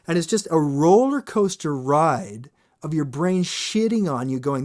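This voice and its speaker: A man hosting a podcast, a singer talking in a casual, animated monologue, swearing freely and acting out quoted voices. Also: a little high, moderate pace. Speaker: podcast host.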